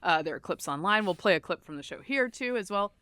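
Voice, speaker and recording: A woman co-hosting a casual podcast, her voice sitting mid-range. She talks in quick, wry asides. The recording is dry and close. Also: mid-range voice, expressive, sharp tone, no echo. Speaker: podcast co-host. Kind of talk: casual chat.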